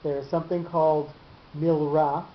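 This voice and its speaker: A man teaching a class on reading marks. He pauses a lot and stumbles over repeated words. The room is echoey, and the recording sounds muffled under a faint hiss. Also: on the high side, level tone. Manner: halting, many fillers and repeated words. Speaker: Torah teacher. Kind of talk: explaining cantillation marks in a class.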